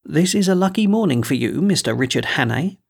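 Guy putting on a silky creepy old gentleman villain, a bit raised and gravelly, kinda husky. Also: fairly high pitch, animated, fairly quick, full character voice. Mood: silkily menacing. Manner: smooth, courteous, quietly threatening.

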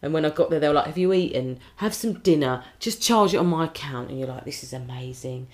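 A woman, a singer and compère, chatting in an interview and telling stories with lively put-on quotes. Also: deep voice, quick pace. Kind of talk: casual interview chat.

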